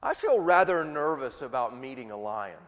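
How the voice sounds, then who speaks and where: A man voicing a timid, polite little girl, asking slow, hesitant questions in a raised voice. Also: mid-range voice, very animated, fairly bright tone. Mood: nervous. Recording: long church reverb.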